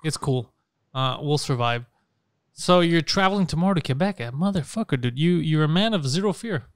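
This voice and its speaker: A man's voice: on the high side, expressive, brisk, clear, resonant tone, dry recording, studio quality. A man hosting a podcast, teasing his co-hosts in crude, profane banter and laughing often. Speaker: podcast host.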